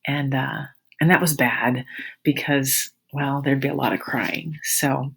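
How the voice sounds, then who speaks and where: A woman's voice: a bass voice, steady tone, unhurried, creaky, a bit bright, slightly rough. A woman in her forties, a teacher, telling her students a rambling, amused story in a casual, chatty way.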